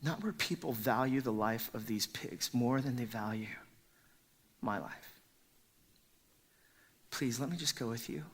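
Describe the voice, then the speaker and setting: A man's voice: medium pitch, measured pace, pauses often. A man whispering as a desperate freed man. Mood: desperate pleading. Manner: breathy pleading whisper. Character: anguished man freed from demons, begging desperately. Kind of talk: whispered role-play.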